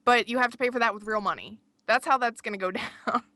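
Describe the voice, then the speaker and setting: Female gaming podcast host, slightly high, bright voice, wry teasing chat, dry recording. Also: quick pace, no echo. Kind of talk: casual chat.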